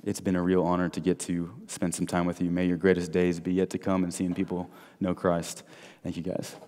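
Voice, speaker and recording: A man preaching an evangelistic sermon, telling stories and swinging between loud and soft. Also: low-pitched, completely flat delivery, a little fast, a little hiss or hum. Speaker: guest speaker. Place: large church hall. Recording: long hall reverb.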